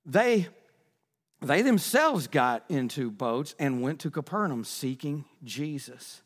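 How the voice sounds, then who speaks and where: A pastor preaching a sermon, loud and excitable, often shouting when stirred up. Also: male voice, on the high side, big-room sound.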